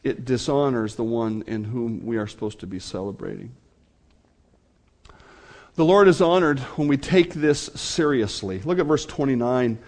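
A man's voice: medium pitch, moderate pace, a little mellow. A man preaching a sermon to his congregation, speaking earnestly and addressing them directly. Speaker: pastor.

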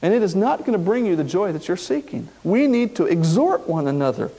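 A male pastor preaching a sermon in an animated way, acting out the quoted voices. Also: sits high, a little fast.

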